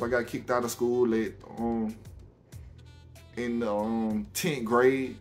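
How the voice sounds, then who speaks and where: A young man from Alabama with a Southern accent, talking casually to camera on his own channel, halting with many ums and restarts, faint music behind. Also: medium pitch. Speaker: YouTuber.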